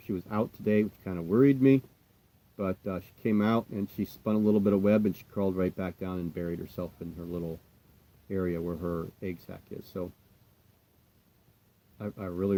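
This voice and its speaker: A low-pitched American man chats loosely with his livestream audience about his tarantulas. His tone is dark and mellow, and he rambles and reassures. His voice often drops off to a mutter. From United States. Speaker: tarantula keeper answering live chat. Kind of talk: casual livestream chat.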